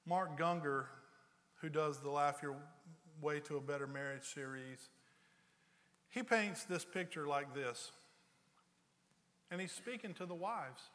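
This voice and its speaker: A man preaching a sermon, telling stories with rising energy and then dropping low and slow for serious points. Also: long reverb tail. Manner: storytelling, builds loud and high for anecdotes, drops low and slow for serious points. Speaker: pastor.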